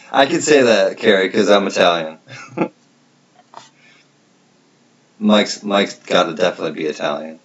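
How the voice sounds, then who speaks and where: A man's voice: deep voice, measured pace, long pauses, muffled recording. A man hosting a collectibles livestream, chatting casually and reading out viewer comments.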